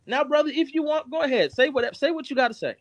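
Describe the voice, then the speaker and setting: A man hosting a live stream, ranting angrily and cursing constantly, his loudness jumping up and down. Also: very high voice, fast talker, dry recording, dull audio. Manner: heated, profane, cursing constantly; shifts abruptly between loud and quiet. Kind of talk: angry rant on a live stream.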